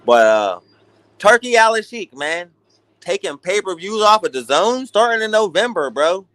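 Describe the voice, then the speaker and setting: A young man hosting a boxing talk stream, ranting in an animated, profane, casual way. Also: high-pitched, unhurried, dry recording. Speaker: boxing talk show host. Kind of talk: casual livestream rant.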